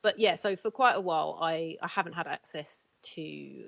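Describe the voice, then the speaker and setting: A woman's voice: low-pitched, moderate pace, gravelly, dry recording. A woman with a South London accent, a guest coach chatting candidly and laughing easily on a podcast. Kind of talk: casual chat. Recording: dull lo-fi sound.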